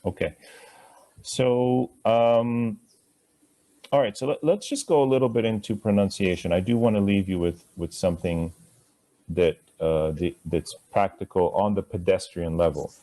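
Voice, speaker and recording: A man's voice: low voice, moderate pace, warm tone. A man teaching a live Sanskrit class, chatty and asking students to repeat sounds after him.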